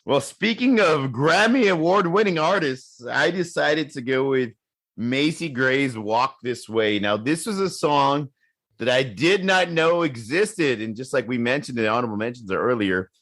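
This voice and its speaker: Male podcast co-host, mid pitch, lively and loose, curses, repeats himself. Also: measured pace. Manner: animated, swears freely, repeats words. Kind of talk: casual chat.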